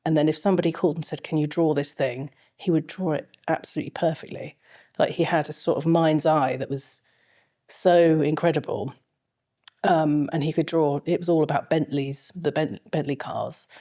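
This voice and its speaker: A woman's voice: low voice, steady tone, moderate pace, mellow. A middle-aged woman, a fashion film lecturer, telling long rambling stories with many fillers as an interview guest. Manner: rambling anecdotal storytelling with frequent fillers. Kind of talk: casual interview chat.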